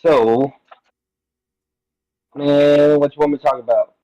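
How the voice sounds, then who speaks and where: A man's voice: a little high, fairly even intonation, slow, mellow, dull audio. A man joining a podcast as a caller, chatting easily. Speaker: guest caller. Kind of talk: casual chat.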